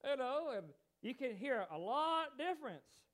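A man from the United States preaching a sermon, animated and emphatic, with chatty asides to his congregation. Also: very high voice, a little slow.

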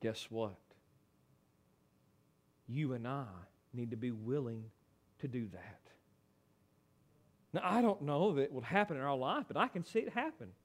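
A man preaching a sermon, swinging from loud dramatic pleading to hushed, low lines. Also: expressive, unhurried, pauses often.

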